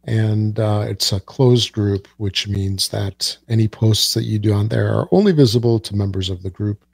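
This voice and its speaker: A man's voice: lowish voice, moderate pace, vocal fry, a little mellow, slightly rough, no room sound. A man co-hosting a casual podcast, giving listener info and joking with dry sarcasm. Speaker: podcast co-host. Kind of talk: casual chat.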